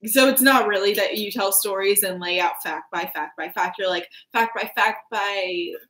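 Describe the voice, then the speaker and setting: A woman giving a casual astrology reading, animated and laughing, who swears freely and acts out quoted voices. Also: mid-range voice, normal speed, roomy sound. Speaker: astrology reader.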